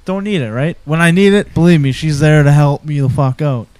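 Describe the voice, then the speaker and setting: A man's voice: a little high, a little fast, darkish tone, no echo. A middle-aged man co-hosting a podcast, crude and joking, rambling through stories in casual banter. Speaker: podcast co-host.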